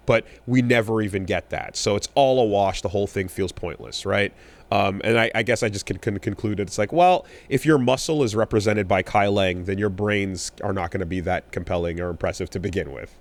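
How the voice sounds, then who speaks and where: A man co-hosting a podcast in casual chat, talking in a rambling, animated way with many fillers and restarts. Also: lowish voice, fairly quick. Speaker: podcast co-host.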